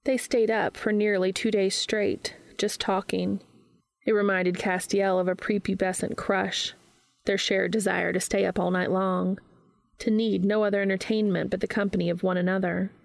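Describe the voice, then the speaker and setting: A woman reading fan fiction aloud in a steady, even narrating voice. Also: mid-range voice, normal speed, gravelly, dry recording.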